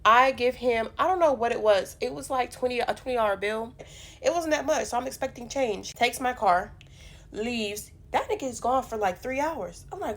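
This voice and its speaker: Animated, foul-mouthed young woman storyteller. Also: on the high side, moderate pace. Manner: animated, profane, punchy storytelling. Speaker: storyteller vlogger. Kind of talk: casual storytime.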